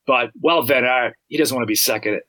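A man gives his take in a halting, searching way, pausing often on fillers. His voice is bright and forceful at a middle pitch. The sound is dry and close. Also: dry recording, poor audio. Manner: halting, many fillers and restarts. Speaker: podcast guest. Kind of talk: casual analytical chat.

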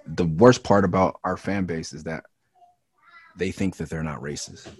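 A deep, husky male voice recorded close and dry, with no room around it. He speaks in a candid, loose interview style, swearing freely and pushing harder on the points he feels strongly about. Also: steady tone, moderate pace, darkish tone, dry recording. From Los Angeles area. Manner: frank and profane, ramps up when heated. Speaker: rapper and interview guest. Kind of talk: candid casual interview talk.

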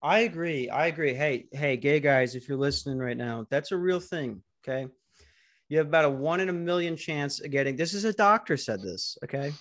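A man hosting a podcast, doing a deadpan mock news anchor routine in casual banter. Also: a little high, fairly quick, no room sound, clean studio sound. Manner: deadpan fake-newscaster delivery. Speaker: podcast host.

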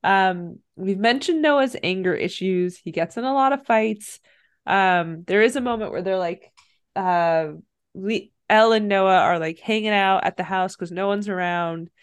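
A woman's voice: mid-range voice, unhurried, clear, resonant tone. A woman co-hosting a podcast, casually recapping a film and acting out the characters' lines. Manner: animated, acts out characters' lines. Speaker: podcast co-host. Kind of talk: casual movie recap chat.

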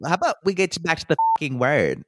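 A man's voice: on the high side, wildly swooping pitch, fast, a bit bright, no room sound, clean studio sound. A man co-hosting a podcast in casual chat, blunt and exasperated, swearing now and then. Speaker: podcast co-host.

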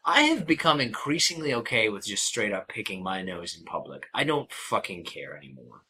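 Husky, sarcastic young man. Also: fairly low pitch, sing-song, normal speed, bright, forceful tone. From Kansas. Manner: dry, sarcastic, swears freely. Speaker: podcast co-host. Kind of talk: casual chat.

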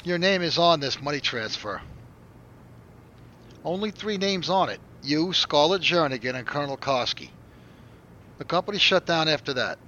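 An actor playing a confident lieutenant who briefs his team and runs an interrogation in a brisk, commanding way. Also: on the high side, animated, sharp tone, dull audio, slight background noise. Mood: pressing. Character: confident male defense force lieutenant.

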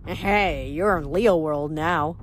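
A woman's voice: low voice, slow, faint music behind, voice pushed down. A woman voicing a playful, wisecracking teenage boy mechanic who answers with sarcastic quips. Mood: cocky.

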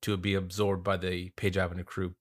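A man's voice: low-pitched, monotone, a little fast. A man guesting on a podcast, chatting casually, laughing often and joking about himself. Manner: laughs often, self-deprecating. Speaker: guest musician.

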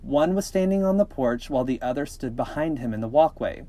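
A man co-hosting a podcast, reading scary stories aloud with jokey, animated asides. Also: medium pitch, brisk. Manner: jokey, animated, breaks into laughter and cheeky asides. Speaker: podcast co-host.

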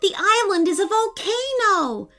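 A woman reading a children's story, voicing a gentle, soft-hearted young mermaid boy who exclaims in wonder. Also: high voice, very animated, a little slow, soft background music, voice pushed up.

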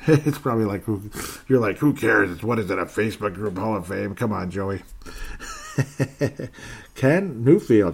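A man with a lowish, husky, darkish voice speaks expressively at an ordinary speed. Hosting an easygoing sports podcast, he reads out what listeners wrote, chats with frequent laughs, and does a quick mock Canadian accent.

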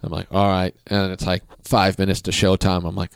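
Lowish guy recalling bombing at a show, laid back, no room sound at all. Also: brisk, vocal fry, clear, resonant tone, no echo. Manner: self-deprecating, relaxed storyteller. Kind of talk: casual storytelling chat.

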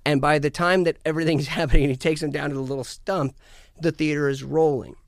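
Animated, profane man on a dry mic. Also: on the high side, fast, vocal fry, no echo. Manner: animated, profane, jokey, swings loud for bits. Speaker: podcast guest. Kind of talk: casual chat.

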